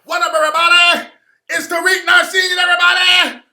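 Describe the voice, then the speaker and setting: Brief: a tiny airport worker who shouts nonstop in a shrill, crispy cartoon voice. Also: male voice, flat delivery, fairly quick, full character voice. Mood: hyped shouting. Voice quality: high, crispy, shouted at the top of the lungs. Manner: ends every line with a yelled "everybody". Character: short male airport worker yelling in a crispy puppet voice. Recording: roomy echo.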